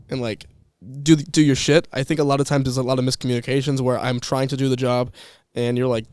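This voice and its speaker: A man's voice: medium pitch, fairly even intonation, quick pace, few pauses, clear, resonant tone, no echo, clean studio sound. A young man chatting casually on a podcast, telling rambling stories with restarts and laughs. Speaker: podcast guest, former employee. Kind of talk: casual chat.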